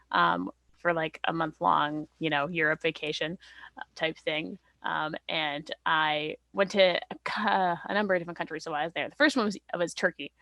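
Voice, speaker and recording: A woman's voice: lowish voice, gravelly, fairly bright tone, dry recording. A young woman from Canada, a podcast guest, chatting casually with lots of fillers and laughter. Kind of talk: casual chat.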